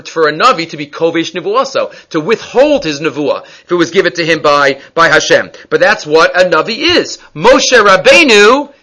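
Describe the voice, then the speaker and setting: A man's voice: high-pitched, bright, forceful tone. A man teaching a Torah class, reading Hebrew sources aloud and explaining them in English. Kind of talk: text-based Torah class.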